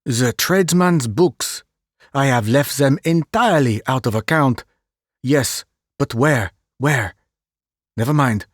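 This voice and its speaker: A man voicing a fussy, vain, excitable middle-aged Belgian detective who drops French phrases, in an audiobook reading. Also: medium pitch, slow, no room sound, studio quality.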